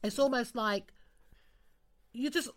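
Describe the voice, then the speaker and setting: A woman's voice: on the high side, takes it slowly. A woman from the UK talking casually and animatedly, swearing and acting out arguments. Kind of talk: casual discussion.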